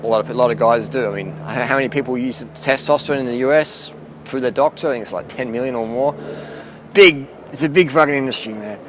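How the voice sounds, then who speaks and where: A man's voice: mid-range voice, quick pace, fairly bright tone, a little hiss or hum. An Australian man from South Australia, a fitness vlogger ranting bluntly to camera with lots of swearing and rambling asides. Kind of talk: casual rant to camera. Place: outdoors near a boat, urban.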